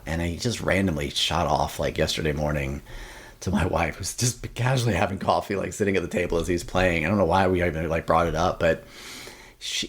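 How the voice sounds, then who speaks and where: A young adult man, a podcast guest, chatting casually, rambling with many fillers and restarts and acting out quotes from his family. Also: sits low. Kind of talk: casual interview chat.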